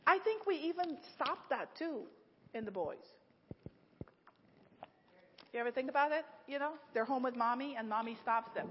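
High-voiced woman preaching in echoey church. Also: moderate pace, long pauses, a little hiss or hum. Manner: lively storytelling, laughs often, many "like"s. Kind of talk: sermon. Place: church sanctuary. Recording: echoey hall, dull lo-fi sound.

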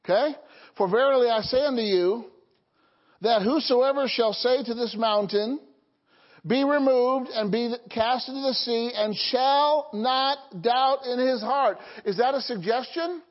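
Pastor, male, high voice, call-and-response sermon, dull lo-fi recording. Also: a little slow. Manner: call-and-response preaching, frequent "Okay?" and "Amen?".

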